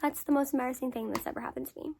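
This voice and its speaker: A woman's voice: high voice, rapid-fire, vocal fry, slight background noise. A young woman content creator telling a story in a casual Q&A, candid, swearing freely and repeating words for emphasis. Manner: lively storyteller with emphatic repetition. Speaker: content creator answering follower questions.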